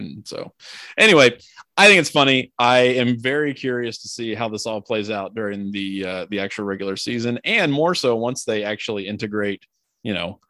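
A man's voice: mid-range voice, a bit bright, dry recording, clean studio sound. A man hosting a casual sports podcast, chatty and joking, rambling with many fillers. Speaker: podcast host.

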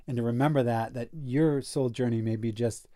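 A man telling a personal story as a podcast guest, earnest and animated, often saying "like" and correcting himself mid-sentence. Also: mid-range voice, normal speed. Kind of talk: casual storytelling in a podcast conversation.

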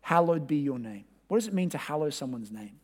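A man with a high-pitched voice preaches a sermon from the pulpit. He talks conversationally and directly to his congregation, pressing hard on some points and dropping to a near hush on others. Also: very animated, a little fast. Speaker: pastor.

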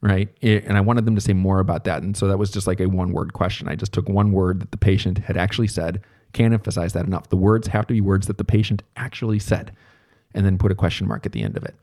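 A man giving a relaxed, conversational recorded lecture as a therapy instructor, thinking aloud as he explains. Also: sits low, fast.

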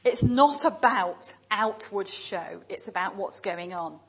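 Husky-voiced woman preaching a sermon. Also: medium pitch, lively intonation, fairly bright tone, low-quality recording. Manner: measured, emphatic lists with pauses. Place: church.

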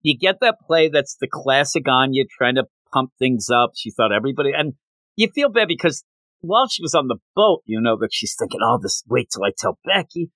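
Male podcast co-host, animated, breaks into character voices. Bright tone, dead-dry sound. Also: medium pitch, no room sound. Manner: animated, quotes characters in quick put-on voices. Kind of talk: casual manga discussion.

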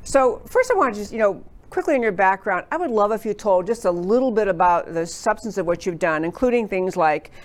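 A woman's voice: mid-range voice, animated, a little fast, hardly any pauses. A woman from New York hosting a political talk show in a studio, enthusiastic and effusive.

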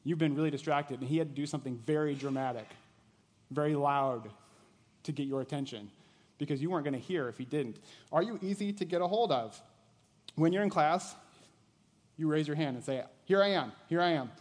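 A male pastor preaches in a relaxed, conversational style, firing questions at his listeners and sinking to a hushed intensity when a point matters. His voice sits a little high for a man. The room behind him rings with a long hall reverb. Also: fairly quick, pauses often. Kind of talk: sermon.

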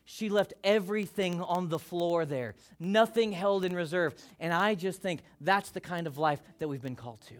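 A pastor preaching a sermon to his congregation, impassioned and swinging from loud calls down to hushed near-whispers. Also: high voice, normal speed, hardly any pauses. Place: church service before a congregation.

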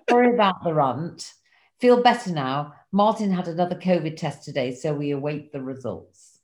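Wry, low-voiced older woman. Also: lively intonation, normal speed, darkish tone. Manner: wry, self-mocking and candid. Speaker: guest recounting a diary. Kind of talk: reading diary entries and casual chat.

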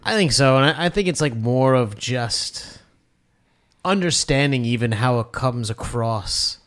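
A man co-hosting a podcast in easygoing conversation. He talks thoughtfully and a little hesitantly, leaning on fillers as he works out his point. His pitch sits in a middle range for a man. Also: lively intonation, unhurried, fairly bright tone. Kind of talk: casual chat.

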